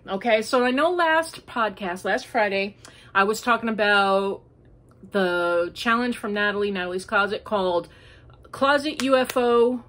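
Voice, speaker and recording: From home, a woman hosts a homemade crafting podcast in a fairly high, slightly bright voice. She chats in an easygoing, unscripted way, rambling through her thoughts and using many fillers.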